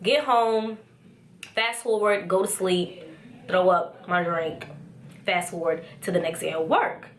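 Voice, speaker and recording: A young adult woman vlogger telling a casual story-time tale, chatty and animated, with lots of "like" and "so". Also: on the low side, slow pace. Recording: roomy echo.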